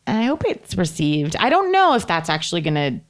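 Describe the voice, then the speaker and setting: A woman's voice: fairly low pitch, wildly swooping pitch, a little fast. A woman co-hosting a podcast, chatting casually and retelling scenes with quoted lines. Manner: chatty storyteller, acts out quotes. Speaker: podcast co-host. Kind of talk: casual chat.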